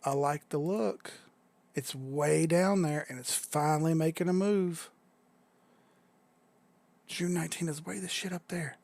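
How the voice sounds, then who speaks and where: A young adult man hosting a casual crypto livestream, chatty and excitable, swearing freely as he talks viewers through charts. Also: on the high side, unhurried, creaky, long pauses.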